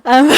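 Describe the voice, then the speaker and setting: Giggly high-voiced young woman streamer. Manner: chatty and giggly, full of "like" and restarts, baby-talks to her pets. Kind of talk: casual live-stream chat.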